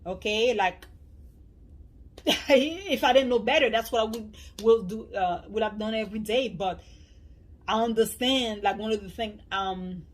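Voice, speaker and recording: A woman's voice: fairly high pitch, measured pace. A woman talking candidly in a personal vlog, rambling and circling back, with short laughs between thoughts. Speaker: vlogger.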